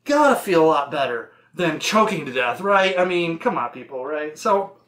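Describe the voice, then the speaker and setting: Irreverent, high-voiced young man reviewing horror. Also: sing-song, normal speed, fairly bright tone, roomy sound. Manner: irreverent, sarcastic, profane, laughing often. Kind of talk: casual movie review.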